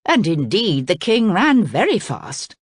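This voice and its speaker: A woman reads a children's storybook aloud with an expressive, animated delivery. Her voice sits a little low and she takes her time. The recording is close and dry. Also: a little slow, husky, no room sound. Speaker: storybook reader.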